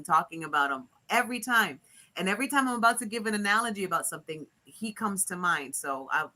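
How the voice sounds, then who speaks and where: Lively woman, bright voice. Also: lowish voice. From Puerto Rico. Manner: animated, laughs often, acts out quotes. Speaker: guest, teacher. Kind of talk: casual chat.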